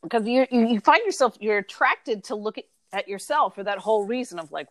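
A woman's voice: fairly high pitch, lively intonation, brisk, no room sound. A woman co-hosting a casual podcast who has the hiccups and rambles, restarting her sentences. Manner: rambling, with restarts and self-interruptions. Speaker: podcast co-host. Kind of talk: casual book discussion.

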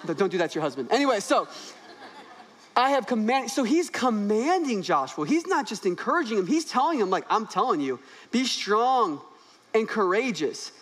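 A young man, the new pastor, preaching a sermon on a church stage in an animated, joking way with rising emphasis. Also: high voice, normal speed.

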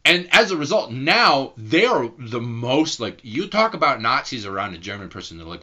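Male podcast co-host, lively and bright, profane banter, slightly dull lo-fi audio. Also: mid-range voice, moderate pace, hardly any pauses. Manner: animated, swears freely, jumps into mocking voices.

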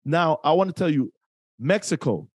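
A man's voice: on the high side, animated, normal speed, breathy edge, dry recording. A man co-hosting an interview show, summing up the guest's points with some restarts. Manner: sums up points, restarts sentences. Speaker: podcast co-host. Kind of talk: casual interview talk.

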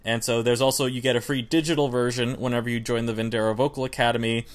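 A man co-hosting a singing podcast as a vocal coach, chatting casually with a relaxed, rambling manner. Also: medium pitch, fast talker. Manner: relaxed, rambling, many fillers like "like" and "kinda". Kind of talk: casual chat.

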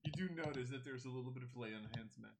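A man's voice: mid-range voice, quick pace, slight background noise. A man narrating a tabletop game as game master, casual and full of fillers.

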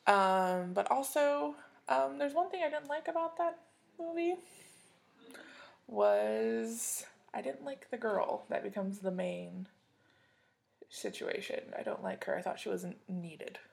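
A woman hosting a podcast in casual chat, rambling and chatty with plenty of fillers and soft asides. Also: on the high side, slow, vocal fry. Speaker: podcast host.

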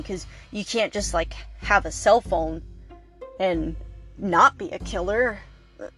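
A woman's voice: fairly low pitch, animated, slow, creaky, a bit bright, faint music behind. Chatty woman recapping a movie. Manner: chatty, rambling, with fillers and laughs. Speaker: podcast host.

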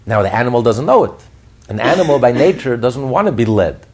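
A man giving a podcast Torah class, telling stories in an animated way with frequent restarts and chuckles. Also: medium pitch, fairly quick, breathy edge. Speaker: Torah teacher.

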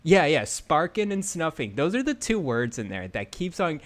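A man co-hosting a gaming podcast, chatting casually and excitably, often trailing off mid-sentence. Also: a little high, moderate pace. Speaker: podcast co-host.

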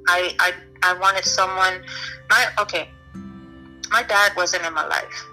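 A young woman with a very bright, sharp-edged voice tells her own story in an interview. She talks candidly, stopping and restarting, leaning on "you know" as she goes. Faint music sits low under her voice. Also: steady tone, unhurried, rough recording. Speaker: guest.

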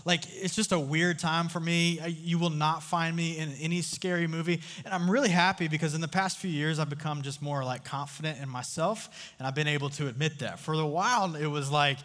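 A youth speaker gives a casual sermon full of stories to a live crowd in a large room, chatting, joking and often quizzing the audience. His voice is a little high and a bit bright, with fairly even intonation, a brisk pace and hardly any pauses, and long hall reverb colors the recording.

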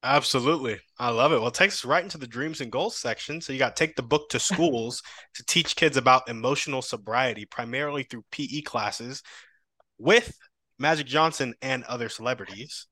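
Host, woman, bright and forceful, dry close sound, encouraging. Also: extremely low pitch, brisk, dry recording. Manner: upbeat, encouraging interviewer. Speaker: podcast host. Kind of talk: podcast interview.

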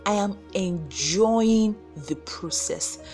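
A woman's voice: mid-range voice, slow pace, darkish tone, faint music behind. A woman with a Nigerian accent giving a preachy motivational faith talk to her viewers, acting out quoted voices as she goes. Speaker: motivational vlogger.

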